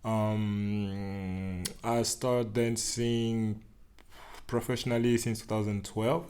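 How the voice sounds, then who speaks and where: A man's voice: lowish voice, little pitch movement, takes it slowly, darkish tone. A man. He is a podcast guest, chatting casually and chuckling often, with loose, rambling phrasing. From Central African Republic. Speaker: podcast guest, dance organizer. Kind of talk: casual interview chat.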